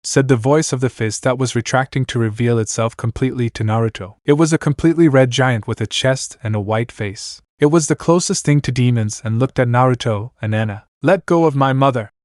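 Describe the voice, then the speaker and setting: Brief: male narrator, even fan-story reading, mid pitch, dry close sound. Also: fairly quick, hardly any pauses, dry recording.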